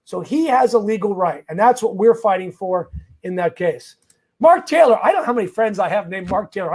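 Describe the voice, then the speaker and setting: A man working as an immigration lawyer, hosting a live Q&A stream. He greets viewers by name in a chatty way and speaks emphatically, rallying them on legal points. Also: high voice.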